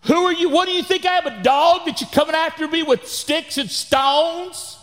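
A pastor voicing a boastful giant warrior who taunts his foe, raising his voice high and loud in a large reverberant hall. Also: moderate pace. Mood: mocking. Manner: mocking, boastful.

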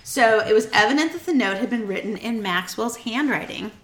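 A woman's voice: on the high side, animated, a little fast. A young woman hosting a podcast, telling a true crime story in a playful, teasing way and quizzing her co-host. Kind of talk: casual storytelling chat. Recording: echoey room with faint noise.

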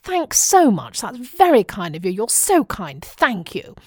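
A woman's voice: mid-range voice, huge pitch swings, measured pace, darkish tone, breathy edge, no room sound, clean studio sound, exaggerated voice. A woman putting on a prim, posh, royal-sounding English lady's voice, clipped and overly polite with careful enunciation. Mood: prim politeness.

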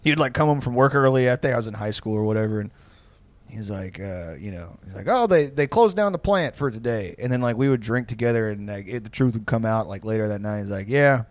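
This young podcast co-host speaks quickly in a low-leaning, steady voice, recorded with no room sound. In casual chat he rambles through profane stories, punctuated by frequent laughs.

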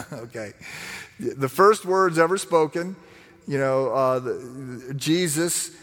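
A man preaching a sermon, teaching in an animated, emphatic way with frequent restarts. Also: medium pitch, slow pace. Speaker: pastor. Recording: long hall reverb.

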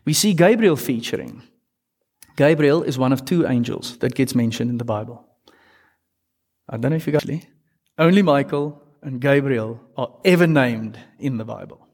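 Animated man preaching in a reverberant hall. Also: mid-range voice, moderate pace. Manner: conversational, animated, talks to the congregation directly. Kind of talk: sermon.

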